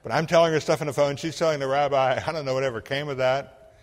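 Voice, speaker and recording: A man's voice: mid-range voice, fast talker. Man preaching in a reverberant hall. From Illinois. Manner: animated storyteller, acts out dialogue, swings from hushed to loud. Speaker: pastor. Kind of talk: sermon storytelling.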